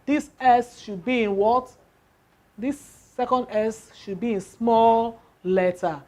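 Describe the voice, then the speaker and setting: A woman's voice: on the high side, slow pace, a little mellow. A woman teaching English word stress, asking the class questions and answering them herself, counting syllables aloud.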